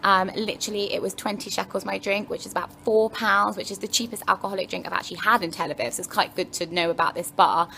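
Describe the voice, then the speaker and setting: A woman's voice: mid-range voice, steady tone, quick pace, gravelly, hardly any pauses, pushed and bright, slight background noise. A young woman from London, telling a story to her vlog camera in a chatty, rambling way with frank, wry asides. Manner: chatty, rambling, lots of "anyway" and "like". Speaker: vlogger.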